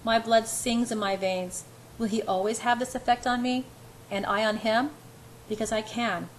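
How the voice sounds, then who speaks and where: A woman's voice: on the high side, fairly even intonation, normal speed, slight background noise, rough recording. A woman narrating an amateur audiobook in the first person, earnest, with occasional stumbles.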